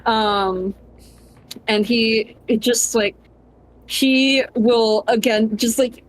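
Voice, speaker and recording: A young woman playing a tabletop game, rambling with many fillers and dropping into soft, calm in-character lines. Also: a little high, drawn-out words, low-quality recording. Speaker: player.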